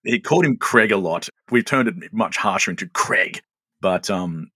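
An Australian man in his late forties telling stories in a relaxed, self-mocking way as a guest. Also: lowish voice, normal speed, breathy edge, dry recording. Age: 40s. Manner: chatty, self-mocking storyteller. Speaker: guest, show creator. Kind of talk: casual interview chat.

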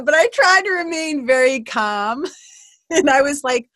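Chatty woman telling a story, bright-pitched. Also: a little slow, no room sound. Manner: animated, lots of "like", swears casually. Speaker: podcast host. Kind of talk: casual storytelling monologue.

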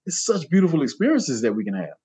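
A husky, slightly breathy man in his fifties talks in a fairly high voice that swings widely up and down. He is an artist guest telling casual stories, laughing often and jumping into high quoted voices in loose, informal speech. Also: fast talker. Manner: animated storyteller who jumps into high voices when quoting people and laughs often; plain informal speech with dropped verbs. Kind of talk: casual conversational storytelling.

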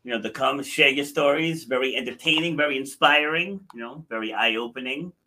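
A man's voice: mid-range voice, brisk, bright, forceful tone. A man hosting a podcast who wraps up an interview in an easygoing way and laughs along with his guest. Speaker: podcast host. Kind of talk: closing an interview.

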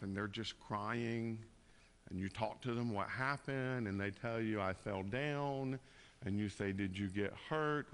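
A man preaching a conversational sermon, moving between quiet, tender passages and loud emphatic bursts. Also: fairly low pitch, creaky. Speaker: pastor.

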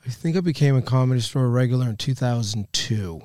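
Man, stand-up comedian, casual podcast talk, animated storyteller, medium pitch, dry close mic. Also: fast talker, dry recording. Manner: storytelling, animated, swears freely, acts out quoted voices.

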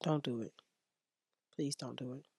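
A woman's voice: a bass voice, fairly even intonation, a little slow, creaky, darkish tone, breathy edge, no echo, studio quality. A woman hosting a podcast, giving frank advice in a blunt, profane, emphatic way and repeating herself for emphasis. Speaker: podcast host and hairstylist. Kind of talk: frank casual advice talk.

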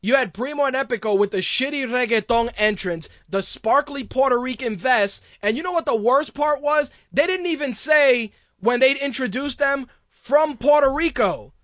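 A man's voice: extremely high pitch, moderate pace, hardly any pauses, a bit bright, no room sound, clean studio sound. A man hosting a podcast, ranting in a profane, sarcastic way in a casual commentary style. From Hispanic background. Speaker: podcast host.

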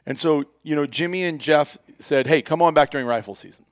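A man's voice: on the high side, brisk, no room sound, studio quality. A middle-aged American man, a company founder, telling a long story in a casual interview, rambling with many fillers and restarts.

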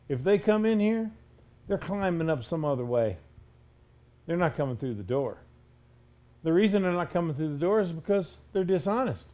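A male preacher delivers a stern, emphatic sermon in a notably high voice. He keeps pressing his listeners with pointed rhetorical questions. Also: darkish tone.

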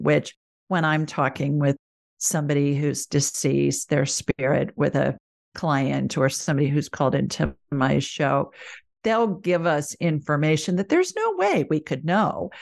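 A woman's voice: low voice, vocal fry. A woman, a guest medium in a casual interview, telling stories animatedly and acting out the dialogue she quotes. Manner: animated storyteller who acts out quoted dialogue.

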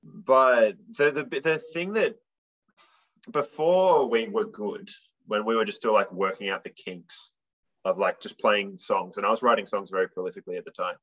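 A young man chats loosely in an interview, his speech full of likes and ums. His voice sits a little low, and the recording sounds dull and lo-fi. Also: moderate pace, fairly bright tone. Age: young adult. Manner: rambling, filler-heavy storytelling. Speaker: musician guest. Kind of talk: casual interview chat.

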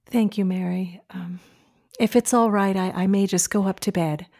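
An actress playing an anxious young pregnant wife in an audio drama, speaking softly and stammering. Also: female voice, mid-range voice, steady tone, normal speed, natural voice. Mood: relieved, guarded. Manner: hesitant, stammering, soft-spoken.

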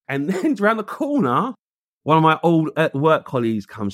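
A man's voice: fairly high pitch, lively intonation, a little fast, fairly bright tone, no room sound, studio quality. A man, telling a story in casual conversation. He acts out the voices he quotes and uses street slang. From England. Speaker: guest.

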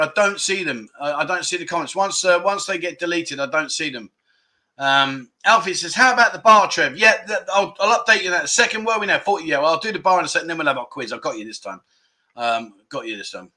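Guy rambling on his livestream, bright ringing voice, cracks jokes at himself and reads the chat. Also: fairly high pitch. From England. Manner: rambling, self-deprecating banter, reading out viewer comments. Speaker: livestream host.

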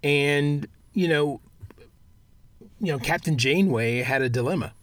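A man co-hosting a podcast in casual chat, chatty and quick to laugh and agree. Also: a little high, no room sound. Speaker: podcast co-host.

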